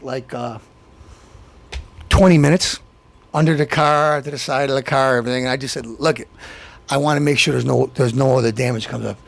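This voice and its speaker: A man's voice: on the high side, creaky. A middle-aged man hosting his own show, telling an aggrieved story in a rambling, indignant rant full of restarts. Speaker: show host. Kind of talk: ranting monologue.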